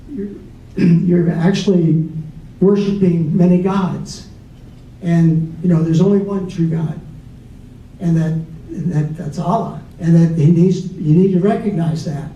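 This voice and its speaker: Guy at a debate, lots of restarts, kinda high but super dark voice, far from the mic, dull sound. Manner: halting, many restarts and repeated words. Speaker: debate panelist. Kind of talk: unscripted debate talk. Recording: distant, roomy, dull with faint noise.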